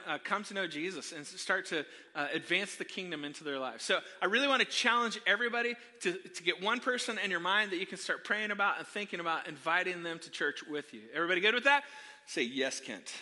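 Man, pastor, sermon storytelling, high voice, animated and self-deprecating, long reverb. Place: church sanctuary.

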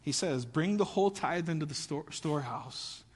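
A man's voice: a little high, animated, normal speed, breathy edge, long reverb tail. A man preaching a sermon as pastor, conversational and often asking the audience questions.

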